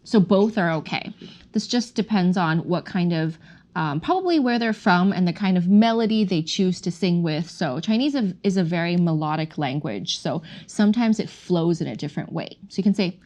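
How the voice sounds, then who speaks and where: On a podcast lesson in Chinese, a female teacher takes her time demonstrating each tone, her pitch swinging lively as she models them with care.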